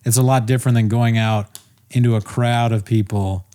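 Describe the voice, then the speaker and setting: A man's voice: mid-range voice, steady tone, moderate pace, mellow. A man co-hosting a podcast in casual comedic chat, loose and joking. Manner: loose, joking, laughs often. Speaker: podcast co-host.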